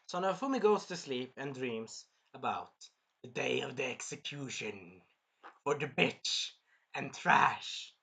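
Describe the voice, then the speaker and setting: A man hosting a casual anime episode review, rambling and sidetracking, often apologizing and clearing his throat. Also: mid-range voice, lively intonation, takes it slowly, sharp tone. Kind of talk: casual chat recapping an episode.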